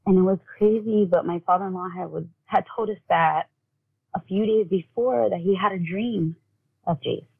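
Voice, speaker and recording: A woman telling a personal story as an interview guest, in a halting way with many fillers, often acting out what family members said. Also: on the low side, vocal fry, breathy edge. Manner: halting, full of "like", acts out quoted family talk. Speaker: guest, bereaved mother. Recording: tinny phone-like audio.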